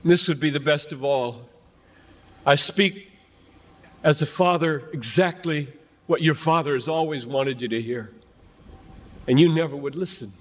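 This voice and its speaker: An older man preaches with a high voice, slow and deliberate, stacking phrase on phrase with fervent conviction. His words ring out through a large hall with a long reverb trailing behind them. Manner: earnest, building repetition, fervent. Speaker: pastor. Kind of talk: sermon.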